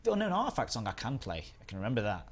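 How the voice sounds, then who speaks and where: A man's voice: mid-range voice, huge pitch swings, very fast, breathy edge. Chatty Northern English man streaming. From England. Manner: rambling, chatty, reads chat aloud. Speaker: live stream host. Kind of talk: casual gaming stream chat.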